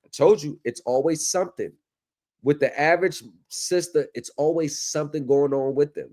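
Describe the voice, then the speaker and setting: A man's voice: on the high side, normal speed, dark tone. A man hosting a livestream in casual chat, loose and profane in his banter. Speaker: livestream host.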